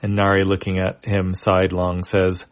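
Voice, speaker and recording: Low-voiced man reading a comic aloud. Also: completely flat delivery, clean tone. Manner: halting, full of fillers and restarts. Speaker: comic reader.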